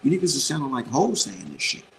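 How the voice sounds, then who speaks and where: A man's voice: mid-range voice, wildly swooping pitch, fast talker, fairly bright tone, slight background noise, poor audio. A man giving casual boxing opinions in a blunt, profane, rambling way, repeating his points for emphasis. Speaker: boxing commentator.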